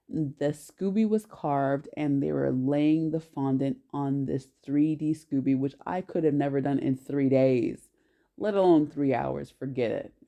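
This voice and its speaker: A woman telling a personal story to camera in an animated, emphatic way, often correcting herself mid-sentence. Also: low voice, gravelly, dull audio.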